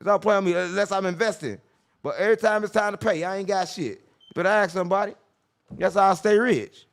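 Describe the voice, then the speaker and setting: A brash man hosting a podcast rattles along quickly, swearing freely and lecturing his guests. His voice sits a little higher than most men's. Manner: brash, profane, preachy. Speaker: podcast host. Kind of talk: casual podcast chat.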